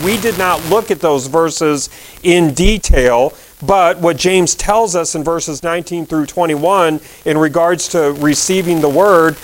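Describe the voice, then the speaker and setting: Guy preaching a sermon, kinda high voice, chatty, says things twice, lots of ums. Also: a little hiss or hum. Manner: conversational preaching with repeated phrases and fillers. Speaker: pastor.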